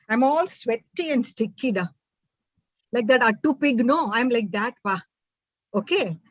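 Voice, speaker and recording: A woman with an Indian English accent voicing a tired, gentle working mother in a storytelling performance. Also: high-pitched, no echo, low-quality recording. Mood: tired, teasing.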